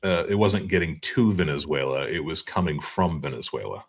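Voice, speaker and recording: A man's voice: a bass voice, moderate pace. A man with an easygoing, wry manner, co-hosting a casual livestream chat from home. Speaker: co-host. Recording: dull lo-fi call audio.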